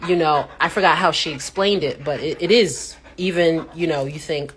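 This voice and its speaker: A woman hosting a casual live chat, telling stories with animated reactions and acting out what people said with sudden pitch jumps. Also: moderate pace, few pauses, slight background noise. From United States. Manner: animated storyteller who acts out quotes with sudden pitch jumps. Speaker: host.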